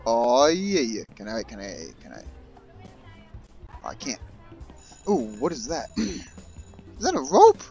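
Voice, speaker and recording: A man giving casual let's-play commentary, excitable, yelling and swearing at characters in the game. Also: lowish voice, measured pace, creaky, long pauses, soft background music. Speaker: gaming YouTuber.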